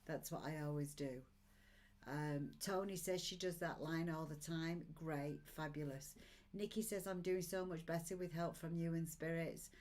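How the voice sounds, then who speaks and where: A woman's voice: deep voice, steady tone, moderate pace, darkish tone. A woman in her sixties, an oracle card reader on a live stream, encouraging her viewers in an upbeat way and reading out their comments. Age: 60s.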